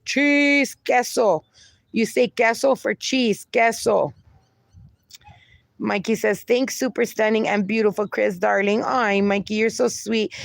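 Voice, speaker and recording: Female stream host, unhurried and chatty, mixes in Spanish words, close dry sound. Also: on the high side, creaky, dry recording. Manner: chatty, reads chat aloud, slips into Spanish words. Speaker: livestream host. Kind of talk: casual live chat reading comments.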